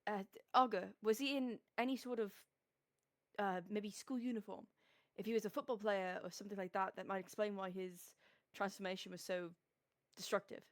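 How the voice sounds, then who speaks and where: Animated woman planning aloud. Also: mid-range voice, normal speed, no echo, studio quality. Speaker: player. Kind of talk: casual tabletop role-play.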